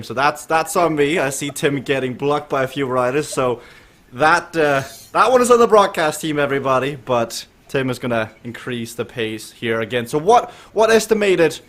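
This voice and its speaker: A man's voice: medium pitch, expressive, normal speed, a bit bright. A man hosting a casual live stream of a group bike ride, joking and laughing often and asking riders questions. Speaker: host of a virtual cycling group ride stream.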